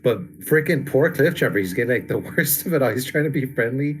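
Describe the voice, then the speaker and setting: A man's voice: mid-range voice, lively intonation, fairly quick. Laid-back man chatting about comics. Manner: laid-back, laughs often, trails off with fillers. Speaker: podcast co-host. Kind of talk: casual comic book discussion.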